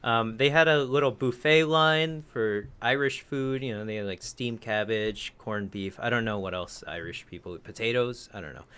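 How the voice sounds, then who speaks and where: A man's voice: medium pitch, moderate pace, hardly any pauses, a bit bright, slight background noise. A man co-hosting a casual podcast, telling a rambling story that he keeps correcting as he goes. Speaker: podcast co-host. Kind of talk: casual chat.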